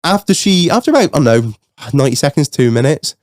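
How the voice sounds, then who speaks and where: A man's voice: on the high side, fast, dry recording, clean studio sound. A young man co-hosting a podcast, telling a rowdy story in casual, sweary chat and laughing as he goes. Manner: sweary, animated storytelling, laughs through his own stories. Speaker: podcast co-host.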